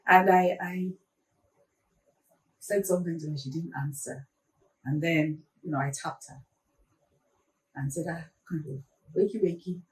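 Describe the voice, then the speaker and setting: Earnest woman recounting a loss, softly. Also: low voice, steady tone, a little slow, long pauses. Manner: earnest, reflective, with hushed moments. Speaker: interview guest, counsellor. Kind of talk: emotional personal storytelling. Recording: roomy, distant mic with music.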